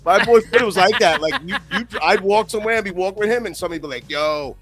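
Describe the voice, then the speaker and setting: Rambling profane man, raised pitch. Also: very fast, a bit bright, soft background music. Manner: rambling, profane, acts out quotes. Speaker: podcast co-host. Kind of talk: casual chat, storytelling.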